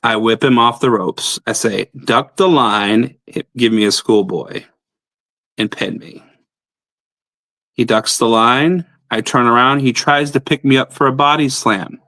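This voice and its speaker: A man's voice: mid-range voice, measured pace, pushed and bright, no echo. Blunt, profane man telling a story. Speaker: pro wrestler guest. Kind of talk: casual storytelling.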